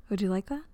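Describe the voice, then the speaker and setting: A woman in a whispered role-play, talking softly and intimately, giving commands and then turning tender. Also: medium pitch. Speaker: dominant partner in an audio role-play.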